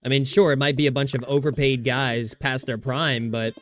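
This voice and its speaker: A man's voice: mid-range voice, flat delivery, normal speed, a little hiss or hum. A man livestreaming a survival game, chatting casually in a rambling, profane way and laughing often. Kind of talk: casual gaming stream chat.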